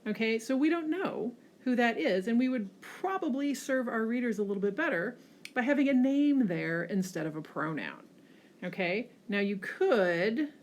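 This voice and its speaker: Woman teacher, lively "okay?" tags. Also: mid-range voice. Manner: frequent checking "okay?" tags, lively emphasis. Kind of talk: classroom lecture on slides.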